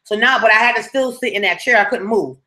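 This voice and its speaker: Bright-voiced woman telling a story. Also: fairly high pitch, quick pace. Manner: slangy, conversational, asks listeners if they follow. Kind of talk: casual storytelling to camera.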